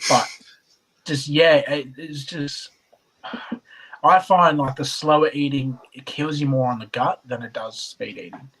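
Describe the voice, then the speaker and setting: A man speaking as an interview guest. His voice is husky but bright. He talks in a relaxed, reflective way and sighs between thoughts. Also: on the high side, a little slow, low-quality recording. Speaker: competitive chilli eater, guest. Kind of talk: casual chat.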